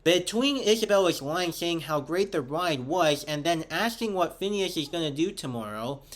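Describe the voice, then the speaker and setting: A man with a fairly high speaking voice narrates a scripted review. He reads steadily from his notes, walking through one detail after another. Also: a bit bright. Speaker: show host and reviewer.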